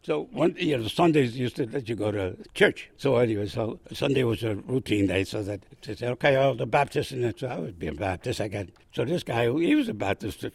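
Older man from Puerto Rico, raspy veteran storyteller, very lively pitch, dry close sound. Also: fairly quick, few pauses, no echo. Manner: animated storyteller, acts out quoted voices, laughs often. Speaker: veteran guest. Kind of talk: storytelling interview.

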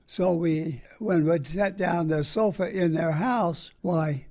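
A man's voice: high voice, darkish tone. An older man, a veteran, recalling his wartime years in a folksy, plain-spoken way for an oral history interview. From United States.

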